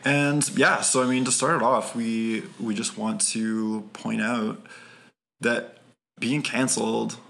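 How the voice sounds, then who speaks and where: A man co-hosting a podcast in casual conversation, with a low-key, unexcited delivery. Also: fairly even intonation, slow, vocal fry, a bit bright. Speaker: podcast co-host.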